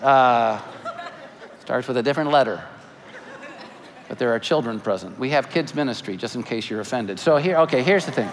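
A man in his forties preaching a sermon as pastor, animated with joking asides and earnest appeals. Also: medium pitch, normal speed, a little hiss or hum. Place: church sanctuary. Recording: church hall reverb, faint ambience.

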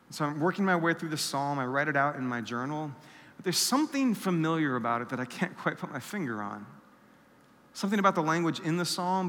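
A man's voice: fairly high pitch, sharp tone. A man preaching a sermon, telling a personal story and acting out the voices of people he quotes. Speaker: pastor. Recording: long hall reverb.

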